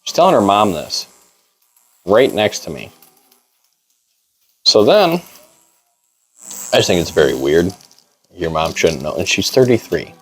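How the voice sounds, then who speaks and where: Low-voiced man rambling through a story. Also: big pitch swings, measured pace, pauses often, low-quality recording. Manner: rambling, laid-back, heavy on "like". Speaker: client telling a story. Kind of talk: casual storytelling. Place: barbershop.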